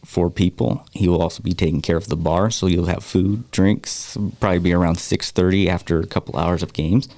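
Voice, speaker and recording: Guest spot: low gravelly man, laid-back promo chat, dry studio sound. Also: fairly even intonation, a little fast, hardly any pauses, a little mellow, no echo. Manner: easygoing, promotional, filler-heavy. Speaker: guest, foundation organizer. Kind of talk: casual radio chat.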